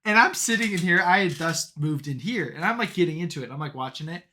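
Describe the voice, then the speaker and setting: A young man co-hosting a podcast, chatting casually and telling stories with lots of "like" and "um", animated as he gets into them. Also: a little high, fairly quick, hardly any pauses. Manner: rambling, filler-heavy, animated storytelling. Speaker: podcast co-host. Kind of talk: casual chat.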